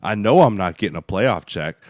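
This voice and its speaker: Deep voiced ex-lineman guy, blunt and cussing, dry close podcast mic. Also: expressive, fairly quick, dry recording. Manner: blunt, profane, emphatic. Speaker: podcast co-host, former offensive lineman. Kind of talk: casual sports chat.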